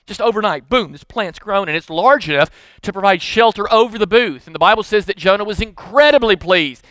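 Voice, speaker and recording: A male pastor preaches in an earnest, conversational manner, often repeating words as he restarts. His voice sits high and sounds bright. The recording is dry and close. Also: a little fast, no echo. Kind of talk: sermon.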